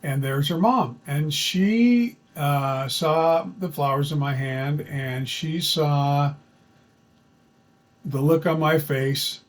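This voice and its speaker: A man's voice: fairly high pitch, poor audio. A man telling a true story from his own life in a chatty, folksy way, with plenty of fillers and restarts. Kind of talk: casual personal storytelling.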